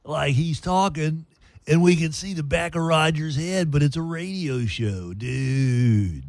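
A man hosts a live morning radio show from a studio, his voice a little high, a little slow, and a little mellow, with no room sound. The radio and podcast host jokes around playfully and reads sponsor spots in the same jokey way.

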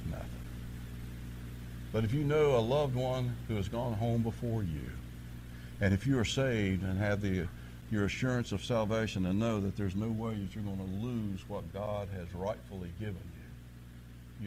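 A man preaching a sermon, telling folksy stories and swinging from quiet asides to loud preaching. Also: medium pitch, expressive, moderate pace, a little hiss or hum. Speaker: pastor.

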